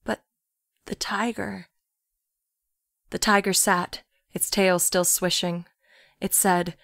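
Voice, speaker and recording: A woman reading a literary story aloud, in a soft, often near-whispered narration. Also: medium pitch, little pitch movement, takes it slowly, no room sound, clean studio sound.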